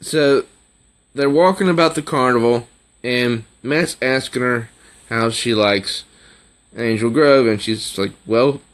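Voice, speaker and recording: A man casually reviewing a comic book, talking slowly and haltingly. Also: mid-range voice, a bit bright. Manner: slow, halting, with fillers and restarts.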